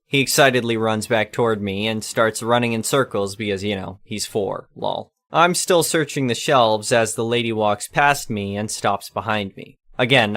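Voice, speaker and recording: A man's voice: lowish voice, fairly bright tone. A man narrating an online storytime post in a plain read-aloud delivery.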